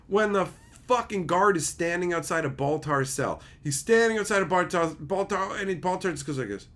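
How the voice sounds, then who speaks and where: Male streamer, middle-aged, loose profane rants to chat, bright forceful voice. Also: a little high, normal speed. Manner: animated, swears often, mocks logic gaps. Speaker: livestream host reading chat. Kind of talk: casual livestream chat.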